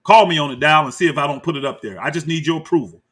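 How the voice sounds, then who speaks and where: Very fast and a little high, with a breathy edge, this man's voice fires off heated commentary as he reacts to clips. He's animated and combative, calling out people by name and talking directly to viewers as y'all.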